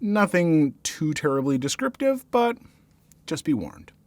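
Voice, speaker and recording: A man's voice: fairly high pitch, unhurried, no echo. A man in his thirties hosting a story show, chatting casually about viewer stories with plenty of fillers and restarts. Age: 30s. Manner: animated, with frequent fillers and self-corrections. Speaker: host reading and reacting to viewer stories.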